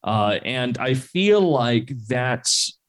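A man's voice: mid-range voice, big pitch swings, drawn-out words. A man co-hosting a podcast, telling a rambling, swear-laden story with chuckles in casual chat. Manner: rambling storytelling with laughs and profanity. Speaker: podcast co-host.

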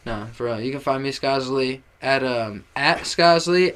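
A young man as a podcast guest, talking in an excitable, casual way, swearing freely and spelling things out letter by letter. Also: medium pitch, normal speed, hardly any pauses. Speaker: guest musician.

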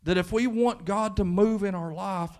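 This is a pastor's sermon in church, given by a man with a high voice and a Kentucky accent. He talks at normal speed, conversational at first, then swelling into fervent emphasis.

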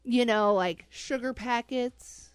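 A woman with a fairly high voice tells a story in a lively, laughing way. Her pleas and asides come quickly, and the sound is dry and close with no room around it. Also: smooth, no echo. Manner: animated, laughing, pleading. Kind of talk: casual storytelling chat.

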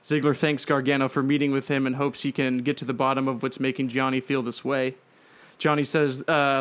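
A man's voice: mid-range voice, flat delivery, a little fast, fairly bright tone, smooth. A man narrating a made-up wrestling show play by play, rambling with fillers and restarts. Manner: rambling, frequent fillers and restarts, breaks into laughter.

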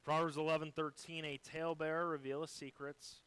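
A man delivering a sermon as a pastor, swinging between loud emphasis and soft, quiet lines while quoting scripture. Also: on the high side, level tone, a little fast, clean tone, low-quality recording.

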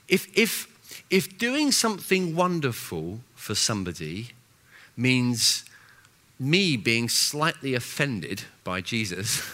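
A senior pastor preaching a sermon in an animated, self-mocking way, with frequent restarts and big swings between loud and soft. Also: male voice, fairly high pitch.

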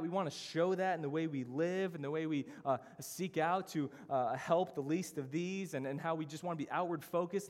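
A man preaching a sermon as pastor, earnest and emphatic, moving through his points in lists. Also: fairly high pitch. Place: church hall. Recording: church sermon with long hall reverb.

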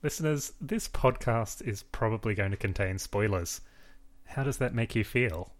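Aussie guy chatting about books, enthusiastic, lowish voice. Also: lively intonation, moderate pace. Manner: enthusiastic, playful, stammering. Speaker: podcast co-host. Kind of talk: casual book discussion.

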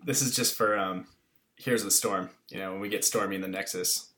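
A man who is a podcast guest, talking through a gaming headset and making dry, deadpan jokes. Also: deep voice, brisk. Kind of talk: casual chat.

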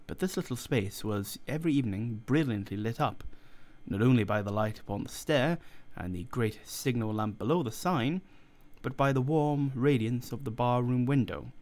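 A man reading a story aloud in a measured, deliberate narration. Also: medium pitch, darkish tone. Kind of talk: scripted audiobook narration.

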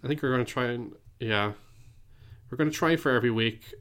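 A man co-hosting a casual podcast while sick, with a deep voice and a laid-back, self-deprecating way of talking. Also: a little fast, fairly bright tone. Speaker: podcast co-host.

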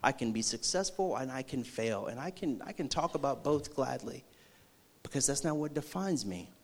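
A man preaching a sermon, acting out a movie scene with energy before turning slow and earnest. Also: medium pitch, animated. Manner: slows and softens into earnest preaching. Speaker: youth pastor.

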